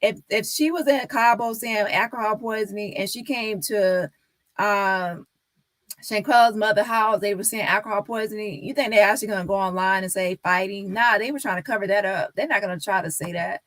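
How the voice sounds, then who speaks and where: A woman's voice: medium pitch, fairly quick, a bit bright, no echo. A woman on a live stream talking casually and insistently to her viewers, repeating her points.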